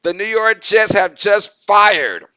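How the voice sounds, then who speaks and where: A man hosting a casual live-stream sports talk show, excitable and repeating words for emphasis. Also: high-pitched, slow pace, smooth, no echo.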